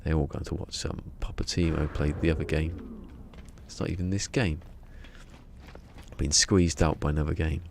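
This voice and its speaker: Gravelly deep-voiced streamer. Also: male voice, steady tone, normal speed, slight background noise. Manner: rambling, self-mocking banter. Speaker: game streamer. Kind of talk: casual live-stream chat.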